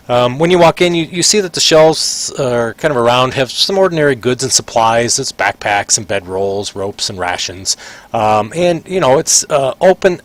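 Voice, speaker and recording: A young man as game master, narrating a tabletop game in a rambling way with many ums and uhs. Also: medium pitch.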